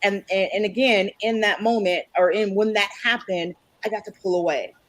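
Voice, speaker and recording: A woman reflecting in a measured way in a casual conversation. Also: medium pitch, fairly even intonation, no room sound, rough recording. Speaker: guest. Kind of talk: casual chat.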